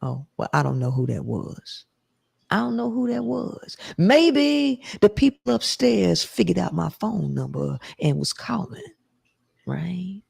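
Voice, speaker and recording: A woman hosting a live call-in show, talking in a slow, emphatic, preachy way. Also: on the low side, sing-song, vocal fry, a little mellow, breathy edge. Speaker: host.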